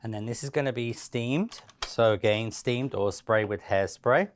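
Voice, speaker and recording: A man giving a relaxed, chatty step-by-step cake decorating tutorial, with frequent fillers and restarts. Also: mid-range voice, unhurried, slight background noise.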